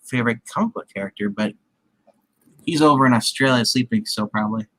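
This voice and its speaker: Bright-voiced wry man chatting. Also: medium pitch, a little fast, dry recording, poor audio. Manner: chatty, wry, sarcastic asides. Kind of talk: casual chat.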